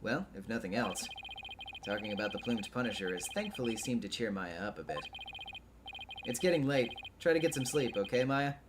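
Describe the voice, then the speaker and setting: A man's voice: mid-range voice, lively intonation, background noise, lightly acted. A man voicing an exasperated young defense lawyer in a plain, natural voice, with game music behind. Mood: flustered. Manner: exasperated, quick retorts.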